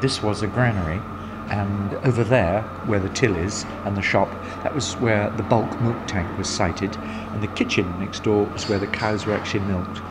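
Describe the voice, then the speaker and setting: Middle-aged man, lowish voice, lively raconteur recalling how his business began. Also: moderate pace, very noisy. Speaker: smokery owner. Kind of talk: anecdotal storytelling.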